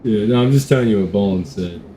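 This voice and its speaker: A man's voice: lowish voice, fast, warm tone, slight background noise. A man chatting casually on a stream as co-host, laid-back and swearing now and then. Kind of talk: casual chat.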